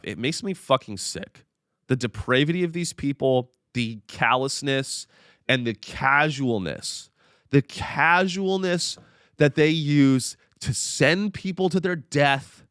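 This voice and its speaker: Male comedian host, profane sarcastic rant, animated pitch. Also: no room sound, studio quality. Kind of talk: comedic ranting monologue.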